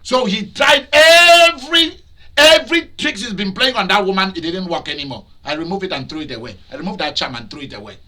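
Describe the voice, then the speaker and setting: A man preaching a sermon as pastor, shifting between loud shouted outbursts and quieter storytelling, with laughs between points. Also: sits high, lively intonation, a little fast. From Nigeria.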